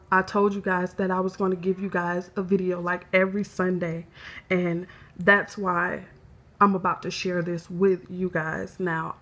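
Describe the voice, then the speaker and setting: A woman talks slowly and softly in a confessional personal vlog. Her voice stays low-key and even, with little rise and fall. She speaks haltingly, sounds close to tears, and often stops to find her words. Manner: hesitant, halting, soft-spoken. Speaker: vlogger.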